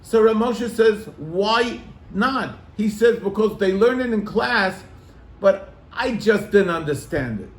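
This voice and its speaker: A man's voice: high voice, takes it slowly, echoey room. A man, a rabbi, telling a story to his congregation, acting out the people in it. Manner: animated, acts out quoted voices.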